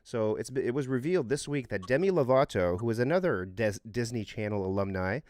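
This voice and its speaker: A man's voice: medium pitch, lively intonation, brisk, darkish tone, no echo, studio quality. A man co-hosting a casual podcast, telling a story earnestly with frequent fillers and restarts. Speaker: co-host.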